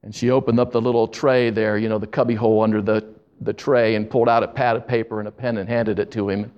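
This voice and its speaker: A man preaching, telling a story earnestly and slowing down for emphasis. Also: on the low side, little pitch movement, dull audio. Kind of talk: sermon storytelling.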